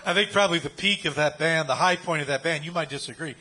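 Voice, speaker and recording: A male moderator with a crisp, bright voice pitched a little high. He feeds his guest short prompts and informative remarks. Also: quick pace. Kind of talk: interview prompting.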